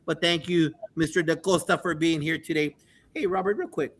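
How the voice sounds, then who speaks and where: Brief: high-voiced male host, energetic and teasing, pumps up the panel. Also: normal speed. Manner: playful, hype-driven, sing-song shout-outs. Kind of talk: lively panel hosting.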